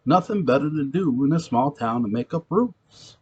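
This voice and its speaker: A man's voice: medium pitch, expressive, normal speed, husky, highs cut off. A young man with a New York accent, playing an ex-convict who tells a streetwise, profane story of a ghostly encounter in a gritty manner. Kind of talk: acted monologue, recounting a tale.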